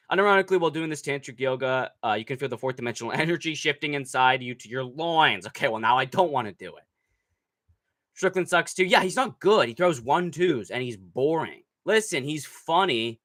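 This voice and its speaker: A young man hosting a live stream, reading chat aloud in a brash, profane, mocking way and breaking into shouts. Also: medium pitch. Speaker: livestream host reading chat. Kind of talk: casual livestream chat.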